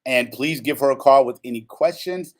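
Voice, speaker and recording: A man's voice: mid-range voice, moderate pace. A man hosting a radio talk show, upbeat and playful.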